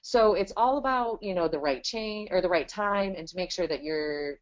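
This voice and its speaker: A woman's voice: on the low side, moderate pace. A woman in her thirties, a business owner talking casually in a webinar interview and filling her talk with "you know". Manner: chatty, many "you know" fillers. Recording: dull lo-fi webinar audio.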